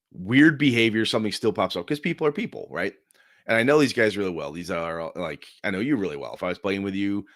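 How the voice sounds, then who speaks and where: Animated deep-voiced middle-aged man. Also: dry recording, studio quality. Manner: animated storyteller, swears freely. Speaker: podcast guest, game master. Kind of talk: casual chat.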